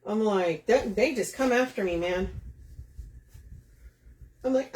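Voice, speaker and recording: A woman's voice: mid-range voice, slow pace, a little mellow. Chatty woman in an echoey room. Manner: chatty, laughs often, talks to viewers by name. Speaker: craft shop host. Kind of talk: live-streamed craft demo.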